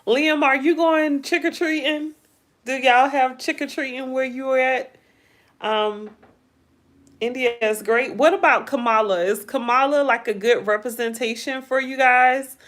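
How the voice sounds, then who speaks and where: Slow, chatty woman hosting a livestream. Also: high voice, fairly even intonation, fairly bright tone. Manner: drawn-out, playful, asks viewers many questions. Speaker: livestream host. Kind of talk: casual livestream chat reading viewer comments.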